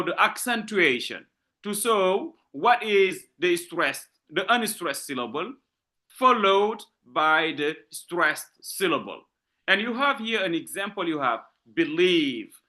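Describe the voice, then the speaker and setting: Slow, lively male lecturer. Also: sits high. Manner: slow, repetitive teaching with frequent checks like "okay?". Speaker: literature lecturer. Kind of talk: online lecture.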